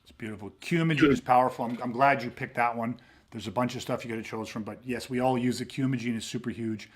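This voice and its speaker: A man's voice: medium pitch, fast talker, a little hiss or hum. A man co-hosting a podcast, talking casually and emphatically with frequent swearing. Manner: emphatic, profane, animated storytelling. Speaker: podcast co-host.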